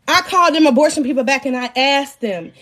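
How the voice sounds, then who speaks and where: A young woman hosting a live stream, telling a personal story in a loud, animated way, cursing freely and laughing often. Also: sits high, fast. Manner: animated, profane and laughing as she tells the story.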